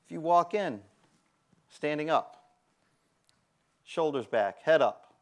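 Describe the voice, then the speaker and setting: Man giving a conference talk, somewhat high voice, lively delivery that acts out the people he quotes. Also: takes it slowly, pauses often. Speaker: conference speaker. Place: conference room.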